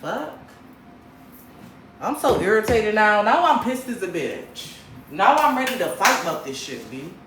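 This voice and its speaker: Woman from Michigan, livestream host, blunt and profane, lively swooping pitch, roomy echo. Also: measured pace, pauses often, noisy background. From Grand Rapids, Michigan, USA. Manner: blunt, profane, animated ranting. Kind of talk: casual livestream chat with viewers. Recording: roomy echo, faint background ambience.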